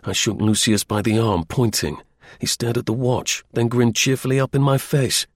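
A man reads a first-person adventure as an audiobook, measured and even. His voice is husky and mid-pitched. The recording is dry and close. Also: dry recording. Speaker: audiobook narrator.

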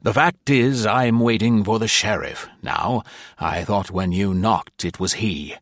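A man voicing a heavy-set, gruff and suspicious stranger in an audiobook, talking wryly. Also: fairly low pitch, measured pace, fairly bright tone, no echo, studio quality. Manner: gruff, wry, chuckling.

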